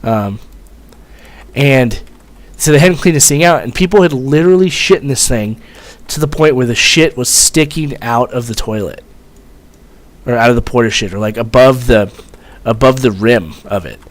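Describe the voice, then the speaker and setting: A man's voice: medium pitch, moderate pace. A young man, a former Marine, telling a story in a rambling, profane way, full of fillers. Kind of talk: casual storytelling vlog.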